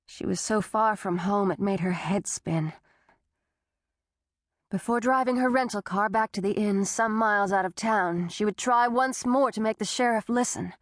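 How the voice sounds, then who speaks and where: A woman narrating an audiobook thriller in a steady, even storytelling manner. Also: mid-range voice, dry recording, clean studio sound. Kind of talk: scripted narration.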